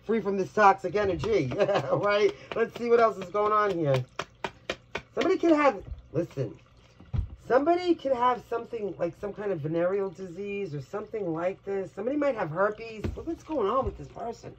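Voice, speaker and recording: A woman's voice: medium pitch, expressive, normal speed. A woman from Brooklyn with a New York accent doing a collective tarot reading to camera, talking in a blunt, crude, chatty way. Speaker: tarot reader. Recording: dull lo-fi audio with faint hiss.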